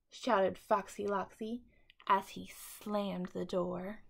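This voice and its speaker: A woman teacher reading a bedtime story aloud to children in an expressive, dramatic way. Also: mid-range voice, takes it slowly, gravelly.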